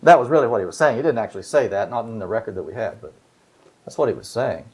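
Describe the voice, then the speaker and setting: A man's voice: lowish voice, expressive, fast, darkish tone, slightly rough. A man preaching a sermon, walking through scripture verses in a conversational way and asking his listeners rhetorical questions.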